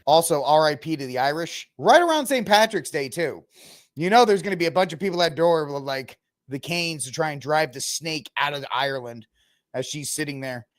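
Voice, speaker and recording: A man's voice: a little high, expressive, a little fast. A man hosting a casual news commentary podcast, mocking and ranting in slangy talk and laughing often. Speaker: podcast host.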